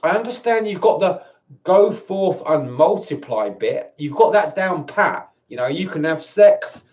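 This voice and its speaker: A man's voice: fairly high pitch, expressive, a little slow, a little mellow. A man ranting angrily to camera, swearing and stumbling over his words with many restarts. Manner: angry, swearing, stammering restarts. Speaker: vlogger. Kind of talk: angry ranting monologue.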